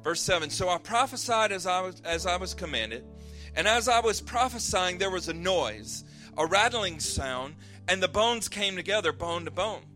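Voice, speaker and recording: A male pastor with a fairly high, bright, forceful voice delivers a sermon. He reads scripture in an earnest, measured way and explains it casually, with soft guitar playing behind him. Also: lively intonation. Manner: conversational with fillers and restarts.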